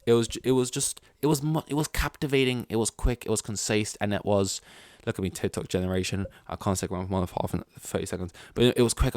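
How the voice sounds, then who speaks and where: A man's voice: fairly low pitch, no room sound, clean studio sound. A man hosting a podcast in casual chat, rambling with lots of fillers and swearing. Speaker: podcast host.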